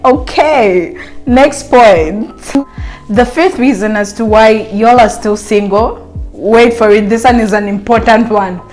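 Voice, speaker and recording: A woman vlogger giving casual dating advice straight to her viewers in a playful, teasing way. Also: on the high side. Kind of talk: casual advice chat to camera.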